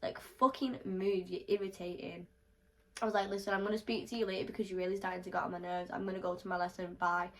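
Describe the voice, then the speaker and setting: A young woman telling a storytime vlog, animated and swearing freely as she acts out the quotes. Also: medium pitch, fast, low-quality recording.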